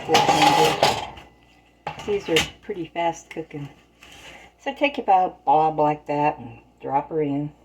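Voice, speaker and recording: A woman's voice: sits low, heavy background noise. A woman telling folksy stories in plain, rural turns of phrase while she bakes in her home kitchen. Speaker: storyteller and home baker. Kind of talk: casual spoken storytelling while baking.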